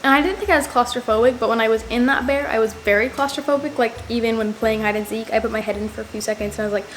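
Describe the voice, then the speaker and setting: A woman's voice: fairly high pitch, fairly even intonation, rapid-fire, a little hiss or hum. A young woman telling a personal story to the camera in a casual, rambling way, full of "like". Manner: rambling, heavy use of "like". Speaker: vlogger.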